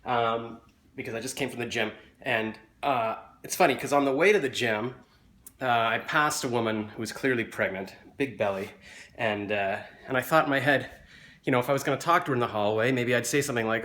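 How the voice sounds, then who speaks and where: A man tells a rambling, self-mocking story. He sounds close and a little muffled, from a phone held right at his face at home. His voice is mid-pitched and ordinary, and it rises and gets louder as the story picks up. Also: brisk. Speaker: vlogger. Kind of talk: casual storytelling. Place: indoors at home, just back from the gym. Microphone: phone held in hand, close to face.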